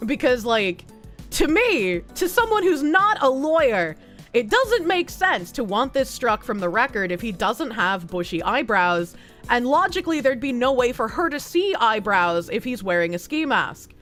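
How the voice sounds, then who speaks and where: A woman's voice: on the high side, very animated, moderate pace, fairly bright tone, soft background music. A woman streamer reading news aloud and commenting with rambling, skeptical asides, swearing casually and talking back to chat.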